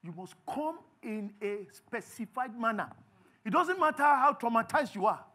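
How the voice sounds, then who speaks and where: A Nigerian man preaching a sermon as pastor, animated and acting out little scenes. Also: very high-pitched, moderate pace. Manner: animated, acts out little scenes in others' voices. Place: church.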